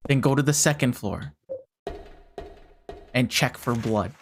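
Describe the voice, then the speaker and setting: A game streamer giving casual live commentary, talking a puzzle through out loud and swearing often in frustration. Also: medium pitch, a little slow, soft background music.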